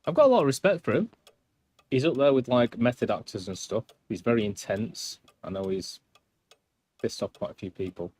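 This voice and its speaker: A man's voice: mid-range voice, animated, moderate pace, a little mellow. A man doing casual gameplay commentary on a live stream, rambling and self-deprecating as he chats.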